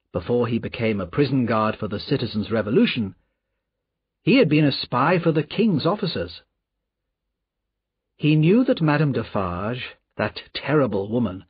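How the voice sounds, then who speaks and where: A male audiobook narrator with a slow, measured delivery and a slightly husky voice, his pitch moving a good deal. The recording is dry and somewhat dull. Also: no echo. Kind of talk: scripted narration.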